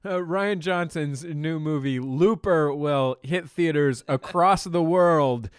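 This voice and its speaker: A man hosting a comedy quiz show, amused and lively, often chuckling. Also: a little high, slow pace, clean tone, no room sound, studio quality. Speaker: game show host.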